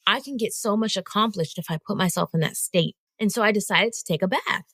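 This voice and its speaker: A woman hosting a solo podcast, telling a story in an animated, conversational way and talking straight to her listeners. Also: mid-range voice, brisk, no echo. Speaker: podcast host.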